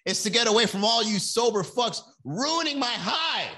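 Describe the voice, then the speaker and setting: A man's voice: very high-pitched, animated, moderate pace, pushed and bright, pitched above the performer's own voice, heavily acted. A man voicing an indignant crack smoker who defends his man cave. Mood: defiant. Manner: indignant, swearing.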